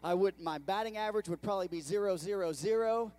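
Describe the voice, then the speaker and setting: A man pastor preaching a sermon to his congregation, calling out to the room and swinging between hushed and loud delivery. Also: high voice, fast talker, hardly any pauses, no echo. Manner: animated preaching with audience call-outs. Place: church sanctuary.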